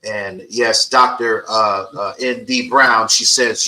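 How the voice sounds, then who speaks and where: A man hosting a casual interview, animated and joking, often stumbling and repeating words. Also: fairly low pitch, takes it slowly, few pauses, low-quality recording. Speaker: interview host.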